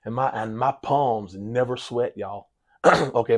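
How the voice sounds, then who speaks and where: A man's voice: mid-range voice, a little slow. A man, a basketball coach telling a long personal story in an interview, repeating himself and acting out the dialogue. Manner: animated storyteller, acts out dialogue, frequent repetitions and "y'all". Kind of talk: storytelling in a sports talk interview.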